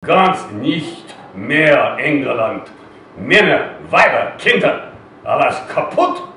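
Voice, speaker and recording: A man voicing a wounded young German airman, declaiming threats loudly in rehearsed German, heard roomy and from a distance. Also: medium pitch, sing-song, takes it slowly, slight background noise, heavily acted. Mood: defiant. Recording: roomy hall from far off.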